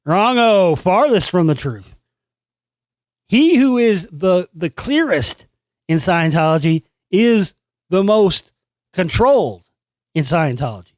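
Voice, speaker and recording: Male host, higher-pitched, dry close sound, foul-mouthed sarcastic rant. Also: slow pace, long pauses, no room sound. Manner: profane, sarcastic, animated storytelling. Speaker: channel host. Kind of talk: ranting monologue.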